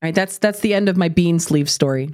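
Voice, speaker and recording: A woman in her forties co-hosting a podcast, telling a parenting story with animated quoting of her kids. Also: fast talker. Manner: animated storyteller, jumps high for quoted kids. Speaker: podcast co-host. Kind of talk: casual chat, storytelling.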